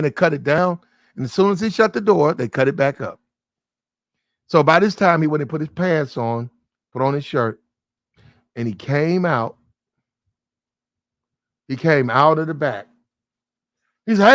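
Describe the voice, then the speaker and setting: A man's voice: on the high side, moderate pace, long pauses, dry recording, clean studio sound. A man casually telling a long, profane anecdote, acting out the people in it. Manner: profane, animated anecdote with quoted voices. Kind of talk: casual storytelling chat.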